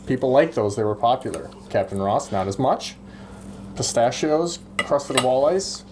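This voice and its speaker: A man's voice: mid-range voice, animated, normal speed, noisy background. Teasing man talking with mouth full. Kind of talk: joking banter.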